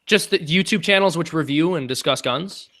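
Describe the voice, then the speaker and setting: A man hosting a casual live-stream Q&A, chatty and halting, with many ums. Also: on the high side, fairly bright tone. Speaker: channel host.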